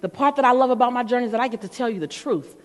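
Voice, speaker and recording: Lady motivational speaker, high voice, animated and playful, long hall echo. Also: racing. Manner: animated, playful, laughs between lines. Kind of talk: storytelling speech to a live audience. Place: large hall before an audience. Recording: long reverb of a large hall.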